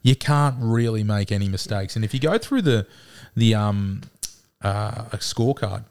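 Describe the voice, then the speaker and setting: Low-voiced man, easygoing. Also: expressive, measured pace, a little mellow. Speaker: podcast co-host. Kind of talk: casual sports chat.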